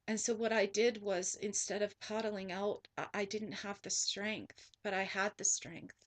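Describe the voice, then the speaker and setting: A woman's voice: mid-range voice, steady tone, moderate pace. A woman spiritual teacher telling a personal story in an earnest monologue, often repeating herself and restarting sentences.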